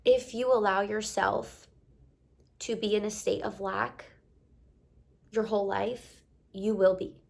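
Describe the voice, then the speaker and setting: A woman's voice: mid-range voice, level tone, slow pace, vocal fry, long pauses. A young woman talking earnestly to camera, giving a heartfelt motivational pep talk with repeated encouraging phrases. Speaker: motivational vlogger.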